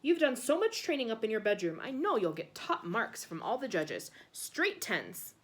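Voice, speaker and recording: A woman's voice: on the high side, very animated, moderate pace. A woman voicing a proud, doting father who speaks reassuringly.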